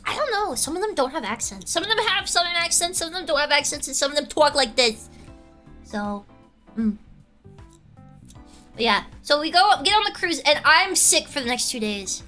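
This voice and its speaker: A woman's voice: high voice, very animated, moderate pace, sharp tone, faint music behind. A young adult woman streamer telling a gossipy story in casual chat, laughing often and answering her chat.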